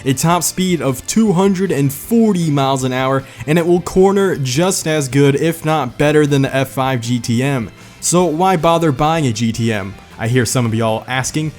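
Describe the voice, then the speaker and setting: A man's voice: medium pitch, normal speed, darkish tone. A man hosting a car video in scripted narration, joking and sarcastic, with a slight lisp from medicine. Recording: faint music behind.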